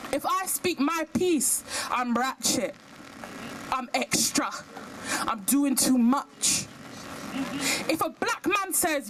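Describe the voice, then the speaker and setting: A young woman giving an impassioned speech at an outdoor protest in the rain, firing off emphatic rhetorical questions. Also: high voice. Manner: rhetorical questions, emphatic, sings a short verse. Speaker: protest speaker. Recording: outdoor recording with street noise.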